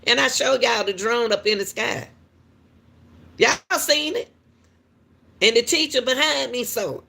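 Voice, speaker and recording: A woman, a school crossing guard, casually telling viewers a story in an animated way and calling out to them often. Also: fairly high pitch, measured pace, vocal fry, a little hiss or hum. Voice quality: talks straight to viewers with repeated "y'all", animated and laughing.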